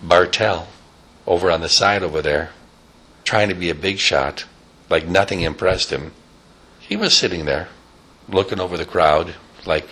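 A man telling a rambling, improvised story, animated, with sound effects and casual asides. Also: deep voice, moderate pace, long pauses, husky.

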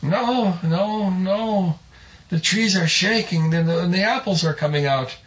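A frightened old farmer, out of breath and panicky, as a man puts him on while telling a story. His voice jumps high and strains as he hollers, and he sounds rattled and pleading. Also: unhurried, fairly bright tone, rough recording. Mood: insistent.

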